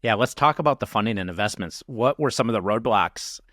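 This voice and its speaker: A man's voice: lowish voice, lively intonation, brisk, fairly bright tone, no room sound, studio quality. A man with a Midwestern accent hosting an interview, asking casual, curious questions. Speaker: interview host. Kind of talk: interview conversation.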